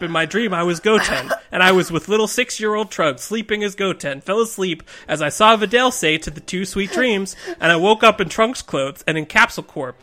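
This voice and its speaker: Male podcast host, bright tone, reads absurd creepypasta deadpan then cracks up. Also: high-pitched. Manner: reads rambling text aloud, breaking into laughter. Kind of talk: casual podcast chat and comic reading.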